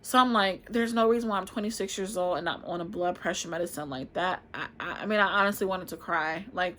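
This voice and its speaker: A woman in her twenties telling a personal story to camera in a chatty, expressive way, often calling out to viewers. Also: lowish voice, a little fast, slight background noise. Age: 20s. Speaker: vlogger.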